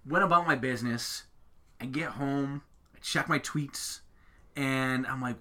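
A man's voice: medium pitch, a little fast, pushed and bright. A man from Buffalo, New York, co-hosting a podcast in casual, joking chat and laughing often. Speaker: podcast co-host.

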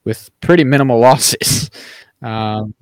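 A man's voice: mid-range voice, slow, clean tone, no room sound, studio quality. A man co-hosting a podcast in a casual chat, rambling with many fillers. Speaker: podcast co-host.

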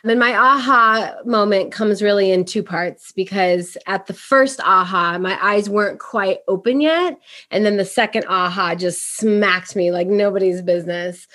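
A middle-aged woman from Puerto Rico, a podcast guest, telling her story in a lively, casual way and acting out the voices she quotes. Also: mid-range voice, a little slow. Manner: animated, acts out quoted voices.

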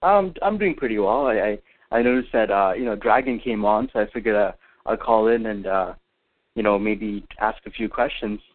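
A man's voice: on the low side, moderate pace. A man calling in to a radio talk show, speaking hesitantly with many fillers and restarts, heard over a tinny phone line. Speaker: caller. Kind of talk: call-in radio chat.

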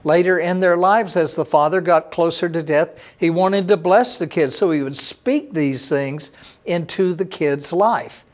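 Male pastor, high pitch; preaches from scripture, lifting verses and softening for commentary. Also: unhurried. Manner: reads verses aloud with lifted emphasis, then drops to quiet commentary. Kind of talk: sermon reading and explaining scripture. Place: online church service.

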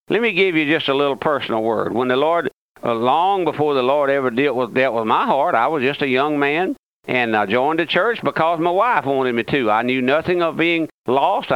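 A man's voice: fairly high pitch, clear, resonant tone, no room sound. An older man preaching a fervent sermon on the radio, pleading with listeners through rhetorical questions. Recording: dull lo-fi radio broadcast.

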